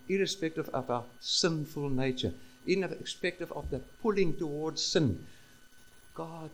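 A man's voice: mid-range voice, low-quality recording. A man preaching a sermon, emphatic, repeating key phrases and asking the listeners rhetorical questions.

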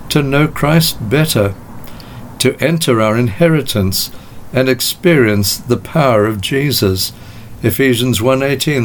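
A man preaching a sermon as pastor, with measured delivery and slowed, emphatic phrases. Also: mid-range voice, a little hiss or hum.

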